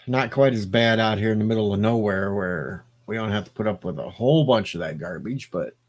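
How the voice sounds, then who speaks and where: A man's voice: lowish voice, a little fast. A man on a late-night live stream, rambling and joking as he answers his viewers' chat. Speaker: livestreamer reading chat.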